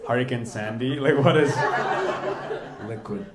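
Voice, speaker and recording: A young man doing stand-up comedy, teasing the crowd in quick banter. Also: medium pitch. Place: comedy club stage. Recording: echoey club with loud audience noise. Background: audience laughter.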